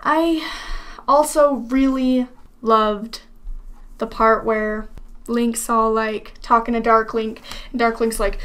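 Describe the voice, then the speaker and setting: A woman's voice: fairly high pitch, steady tone, slow, pauses often, fairly bright tone. A woman voice actor talking about her role in a casual, rambling interview monologue, full of fillers. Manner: rambling, chatty, lots of fillers.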